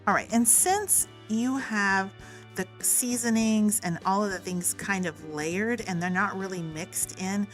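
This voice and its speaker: A woman's voice: medium pitch, measured pace. A woman, hosting a recipe tutorial in a friendly, upbeat instructional manner. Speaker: cooking channel host. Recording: faint music behind.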